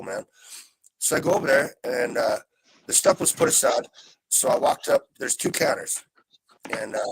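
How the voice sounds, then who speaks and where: A man's voice: mid-range voice, vocal fry, husky, poor audio. A man telling a story in casual chat, profane and fuming, in a rambling rant. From Southern Oregon coast, USA. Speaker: livestream chat participant. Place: trailer park home.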